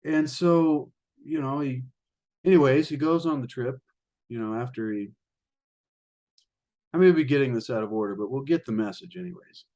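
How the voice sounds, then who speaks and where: A man with a voice of ordinary middle pitch reads a spiritual passage, then tells a fable in a loose, chatty way. He addresses his listeners as ladies and gentlemen. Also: moderate pace, pauses often. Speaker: channel host reading a spiritual book. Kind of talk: reading aloud with spoken commentary.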